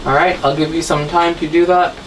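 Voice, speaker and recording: A woman's voice: deep voice, fairly even intonation, fairly quick. A woman teaching an English grammar lesson, patiently spelling words letter by letter and checking in with "okay?" after nearly every line. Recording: distant mic, faint room noise.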